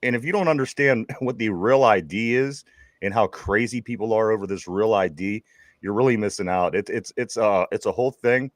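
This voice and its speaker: A man's voice: on the low side, brisk, no echo, clean studio sound. A man with a Pittsburgh accent, co-hosting a casual sports podcast and telling a rambling story, stammering and repeating his words. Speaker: podcast co-host.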